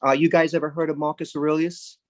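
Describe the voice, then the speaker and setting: A man from Brooklyn, doing a rambling, deadpan stand-up set. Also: fairly high pitch, fast, no echo. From Brooklyn, New York. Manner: rambling, deadpan, with sudden loud jumps into put-on voices. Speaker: stand-up comedian.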